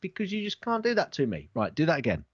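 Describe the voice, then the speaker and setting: Lively, lo-fi man teasing on a podcast. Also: fairly high pitch, quick pace, slight background noise. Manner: self-deprecating, mock-indignant teasing. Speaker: podcast co-host. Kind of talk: casual podcast banter.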